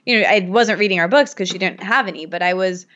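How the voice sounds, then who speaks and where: A woman's voice: medium pitch, quick pace, a bit bright, muffled recording. A woman in her thirties from Michigan, telling a story as a guest in a casual podcast conversation, chatty and full of fillers. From Michigan, USA.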